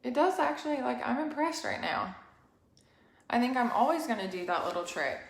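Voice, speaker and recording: A woman's voice: a little high, sing-song, normal speed, gravelly. A young woman hosting a casual live-stream makeup tutorial, chatty and rambling, a bit out of breath. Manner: chatty, rambling, apologetic asides. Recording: echoey room.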